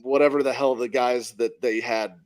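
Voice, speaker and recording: A man co-hosting a football podcast with an ordinary mid-range voice. He talks in a relaxed, agreeable way and drops casual swears while weighing in on players. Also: medium pitch, moderate pace. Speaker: podcast co-host. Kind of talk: casual sports podcast chat.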